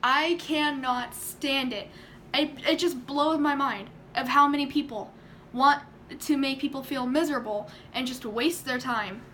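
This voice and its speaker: A young woman telling a story in a casual vlog, chatty and animated, acting out quotes and laughing often. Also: sits high, moderate pace, slight background noise. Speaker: vlogger.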